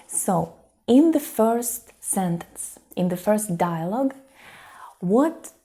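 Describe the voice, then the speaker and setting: Slow, mellow-voiced woman teaching a language. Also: mid-range voice, expressive. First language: Russian. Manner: slow, deliberate explanations with careful example phrases. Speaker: Russian language tutor. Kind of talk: online language lesson.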